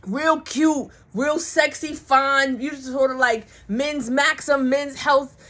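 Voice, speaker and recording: A woman with a high, bright-toned voice gushes through a soap opera recap like she's telling a friend the latest gossip. She's animated and slangy, and she drops into bits of the characters' lines as she goes. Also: slow pace. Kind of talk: casual chatty TV recap.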